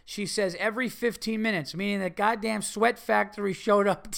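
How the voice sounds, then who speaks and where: A man hosting a podcast, reading listener letters aloud with profane, animated commentary and frequent laughter. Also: high voice, moderate pace, vocal fry. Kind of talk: casual comedic rant.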